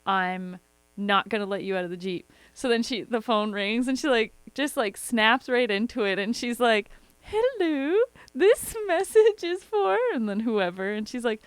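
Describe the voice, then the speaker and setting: A woman's voice: mid-range voice, moderate pace, a bit bright, clear, resonant tone, no room sound. A young woman co-hosting a podcast in casual chat, swearing freely and telling stories with laughter. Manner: profane, storytelling with laughter. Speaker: podcast co-host.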